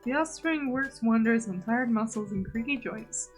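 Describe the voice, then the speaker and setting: A woman's voice: fairly high pitch, moderate pace, faint music behind, voice pushed down, close to an everyday voice. Woman reading a kindly old spring keeper. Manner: gentle, old-fashioned phrasing.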